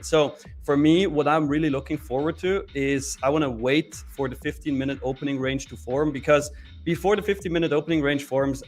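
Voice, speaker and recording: A man co-hosting a live trading stream, explaining his market setups step by step. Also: mid-range voice. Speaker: trading co-host.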